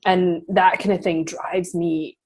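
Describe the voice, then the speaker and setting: A woman's voice: lowish voice, little pitch movement, slow pace, a little mellow. A woman hosting an interview, telling stories in a chatty, casual way with lots of fillers. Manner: chatty storytelling with frequent fillers and laughs. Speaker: podcast host interviewing a guest.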